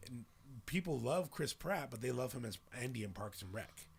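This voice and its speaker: Gravelly-voiced man chatting animatedly. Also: mid-range voice, moderate pace. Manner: animated, swearing, mimics voices while retelling. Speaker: podcast host. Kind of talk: casual chat.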